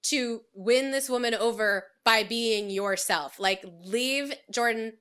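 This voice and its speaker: Woman co-host, casual chat; smooth, crisp and bright voice, wry and quick to laugh. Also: a little high. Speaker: podcast co-host.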